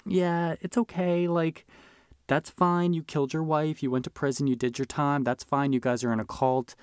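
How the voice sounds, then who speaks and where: A man's voice: fairly high pitch, level tone, normal speed, clear, resonant tone, no room sound, studio quality, pitched above the performer's own voice, lightly acted. A man voicing a flippant young woman who excuses herself from a creepy party. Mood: breezy sarcastic. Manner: breezy, sarcastic.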